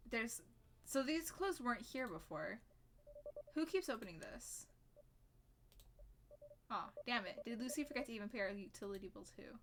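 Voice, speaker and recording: A woman's voice: on the high side, expressive, noisy background. A woman streaming a visual novel, reading the game's text aloud in first person and breaking off for casual, sweary asides. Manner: casual, swears, quick asides between read lines. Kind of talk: let's-play commentary, reading game text aloud.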